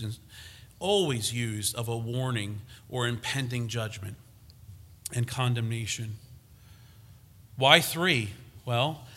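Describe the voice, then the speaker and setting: A man's voice: medium pitch, pushed and bright. A man preaching a sermon on scripture, emphatic and given to restarts and fillers as he teaches.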